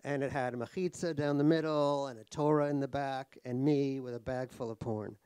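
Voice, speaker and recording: A man's voice: medium pitch, steady tone, a little fast, darkish tone, clean tone, dry recording. Wry middle-aged New man, dry sound. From United States (New York). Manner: wry, self-deprecating, laughs at his own jokes; rambling, with many fillers and restarts. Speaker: author guest in a stage conversation. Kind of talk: comic anecdotal storytelling. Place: live talk at a cultural center.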